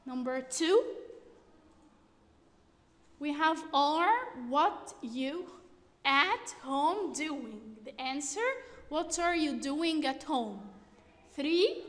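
A woman teacher reads through exercises slowly and carefully, stating each answer. Her voice sits high, and it carries a long echo from the room. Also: fairly bright tone. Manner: slow, deliberate reading of answers. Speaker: English teacher. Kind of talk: reading workbook exercises aloud.

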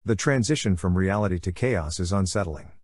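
A veteran male warrior-monk speaks calmly and in measured terms, as a man reads his part. His voice sits low. The sound is close and dry. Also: dry recording.

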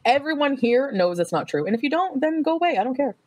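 A woman's voice: high voice, big pitch swings, fast, background noise. A woman chatting casually on a livestream, rambling from topic to topic and laughing often.

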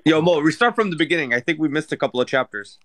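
A man's voice: a little high, lively intonation, fast talker, fairly bright tone, no echo. A man on a livestream teasing the host and asking him questions. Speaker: livestream guest. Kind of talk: casual chat on a livestream.

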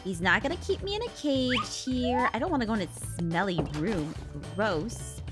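A woman's voice: fairly high pitch, sing-song, moderate pace, over music. A woman voicing a mischievous, bratty little girl kitten in a Minecraft role-play, meowing a lot and scheming. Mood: sneaky. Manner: meows constantly, gleeful and sneaky.

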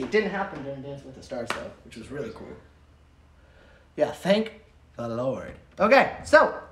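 An upbeat, chatty livestream host, rambling through fillers. The voice sits in a mid pitch and rings around an echoey room, picked up by a mic set well back. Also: fairly bright tone, slight background noise. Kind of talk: casual livestream chat. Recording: roomy sound from a distant mic.

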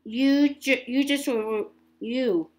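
A woman's voice: high-pitched, low-quality recording. A woman voicing a boastful, sneering teenage boy bully as she reads a story aloud, stumbling over words. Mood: taunting. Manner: halting, repeats words.

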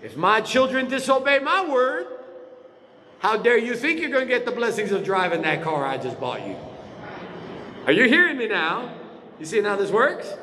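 High, lively preacher in a reverberant hall. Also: male voice, normal speed, pauses often, slight background noise. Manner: emphatic preaching with frequent rhetorical questions to the congregation. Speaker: pastor. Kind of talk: sermon. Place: church sanctuary.

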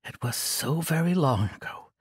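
A man's voice: fairly high pitch, expressive, normal speed, breathy edge, no room sound, clean studio sound. A man voicing an eccentric, childlike old monk who speaks grandly and playfully in an audiobook. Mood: whimsical. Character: eccentric ancient male monk, childlike and mischievous.

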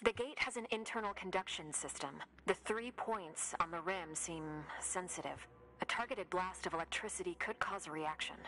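An actress playing a female scientist stranded on an alien world, logging her findings in a calm, measured way. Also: on the low side, slight background noise. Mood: calm, focused. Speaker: game protagonist.

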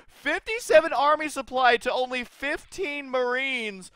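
A man giving jokey, excitable game commentary that often jumps into high-pitched shouts. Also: fairly quick, no room sound. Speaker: esports caster.

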